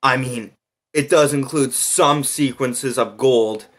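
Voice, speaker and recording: A man's voice: medium pitch, takes it slowly, fairly bright tone. A man reacting to and reviewing a movie, ranting in an exasperated way with constant swearing.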